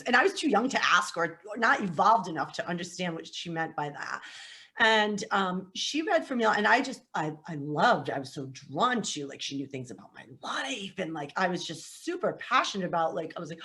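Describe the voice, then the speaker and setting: A middle-aged woman appears as a psychic medium guest on a casual podcast, telling her life story. She speaks at normal speed with a medium-pitched voice, animated and laughing as she acts out what people said.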